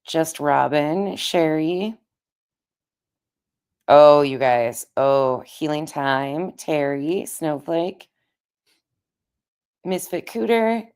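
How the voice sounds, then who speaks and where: A woman live-streaming in a casual, chatty way, greeting viewers by name, with a raspy voice. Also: low voice, extremely slow, pauses often, a little mellow.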